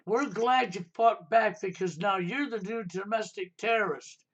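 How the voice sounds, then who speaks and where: High-voiced ranting male stream host. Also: a little slow, dull audio. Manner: ranting, insistent, repeats "okay?" and "right?". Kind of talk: heated political talk stream.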